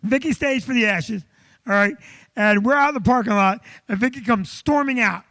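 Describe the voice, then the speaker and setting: A man co-hosting a live comedy show, telling a long church story with loud acted-out quotes. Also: very high voice, moderate pace, dry recording. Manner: animated, loud, acts out quotes. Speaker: comedian co-host. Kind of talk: comic storytelling.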